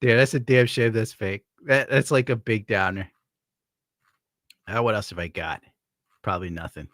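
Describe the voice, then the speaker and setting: A man's voice: lowish voice, fairly even intonation, normal speed, fairly bright tone, dry recording, studio quality. A man from upstate New York giving crude, sarcastic commentary while browsing, laughing often. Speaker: streamer host.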